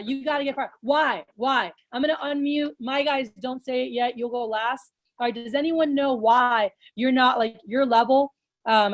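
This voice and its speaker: Blunt, energetic woman coaching a team. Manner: blunt, energetic, swears casually; acts out lively sales pitches. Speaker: sales manager trainer. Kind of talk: casual coaching talk.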